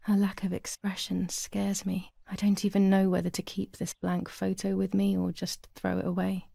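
A haunted young woman in a video game, talking to herself in an anxious, gravelly murmur. Her tone is dark and mellow. The sound is close and dry. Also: mid-range voice, monotone, normal speed, no echo. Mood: somber.

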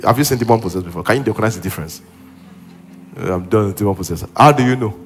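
A man's voice: lowish voice, rapid-fire, slight background noise. A man preaching a sermon as pastor in a church auditorium, building to exclaimed emphasis.

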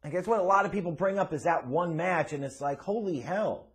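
A man's voice: sits high, a little fast. A man hosting a wrestling commentary channel, delivering an opinionated monologue in an emphatic, blunt way with casual swearing.

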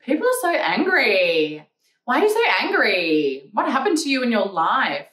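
A woman's voice: a little high, wildly swooping pitch, normal speed, a bit bright. A young woman vlogger ranting back at comments in a sarcastic, profane, mocking way. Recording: echoey room, mic at a distance.

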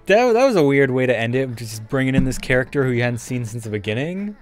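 A man's voice: mid-range voice, big pitch swings, fast, hardly any pauses, soft background music. A man giving casual gameplay commentary, swearing often and joking through his frustration. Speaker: let's play gamer.

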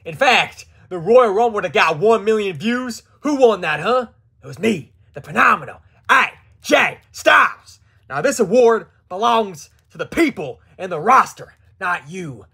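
A man voicing a cocky veteran male wrestler who trash-talks in a low, boastful way. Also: expressive, measured pace, gravelly, pushed and bright, breathy edge, exaggerated voice. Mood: scornful.

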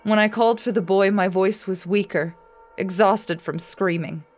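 A woman giving a scripted horror story narration in a dramatic, measured storytelling manner. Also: medium pitch. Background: faint music.

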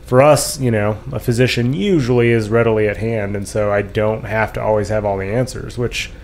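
A man's voice: on the low side, brisk, a little hiss or hum. A man who works as a physician assistant, hosting a casual podcast chat and asking questions. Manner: relaxed, asks guests questions.

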